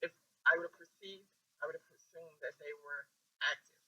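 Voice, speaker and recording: Guy in a workshop telling a story, earnest, kinda husky, really bright voice. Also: a little high, little pitch movement, fairly quick, highs cut off. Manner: earnest, a little emotional. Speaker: workshop participant. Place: training room with a group.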